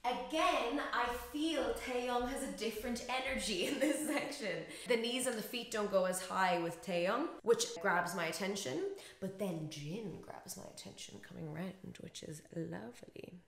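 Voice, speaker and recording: A woman chattily reacting to and breaking down a dance routine, often laughing and shrieking with excitement. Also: mid-range voice, a little slow, vocal fry, hardly any pauses. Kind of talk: casual reaction commentary. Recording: roomy echo with faint music behind.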